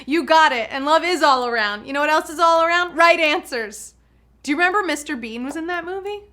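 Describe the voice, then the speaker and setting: A woman's voice: high-pitched, pushed and bright. A woman hosting a live trivia game, chatty and bubbly, laughing often. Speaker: trivia game show host.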